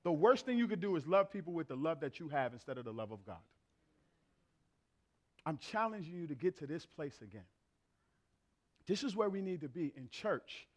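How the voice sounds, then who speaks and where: High-pitched middle-aged male pastor, lively storytelling preacher in a church. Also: moderate pace, long pauses. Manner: animated storyteller acting out family dialogue. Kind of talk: sermon with comic anecdotes. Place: church sanctuary.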